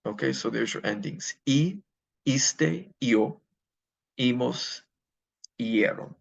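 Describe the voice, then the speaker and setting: A man's voice: mid-range voice, slow pace, vocal fry, breathy edge, dull audio. A man teaching a Spanish grammar lesson, explaining step by step and answering his own questions.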